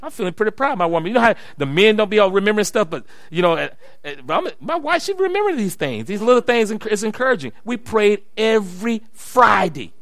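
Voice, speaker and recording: A middle-aged pastor preaching to his church. His voice is high and sharply bright. He tells stories, then climbs into loud, shouted preaching, and the sound is dry and close. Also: big pitch swings, quick pace, no room sound. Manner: storytelling, rising to shouted preaching. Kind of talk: sermon.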